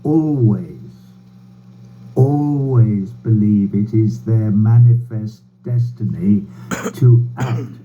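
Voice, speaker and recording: An older man giving a prepared, sardonic political speech over a video call, slow and bitter, with wry laughs and swearing. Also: fairly low pitch. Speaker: speaker addressing a rally by video. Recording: tinny phone-like line with faint hum.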